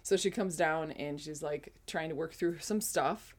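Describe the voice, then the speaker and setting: A woman's voice: low voice, measured pace, darkish tone. A woman in her forties telling a casual personal testimony, rambling with frequent self-corrections. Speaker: speaker sharing a spiritual testimony.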